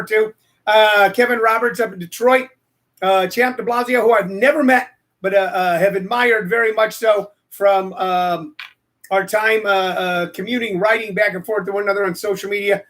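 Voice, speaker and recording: A man's voice: high-pitched, fairly even intonation, normal speed, a bit bright. A man hosting a live-streamed comedy talk show, playful and showy, rambling with lots of fillers. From Missouri, US. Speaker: host.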